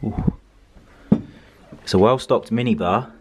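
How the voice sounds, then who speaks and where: A young man vlogging a casual, upbeat tour of a hotel room, chatty and relaxed. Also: lowish voice, takes it slowly, background noise.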